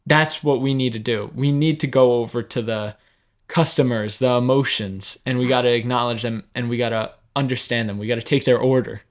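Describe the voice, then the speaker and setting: A man's voice: medium pitch, fairly even intonation, a little fast. A man on a faith podcast panel who hesitates and stumbles, building an extended analogy to make his point. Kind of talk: casual faith discussion.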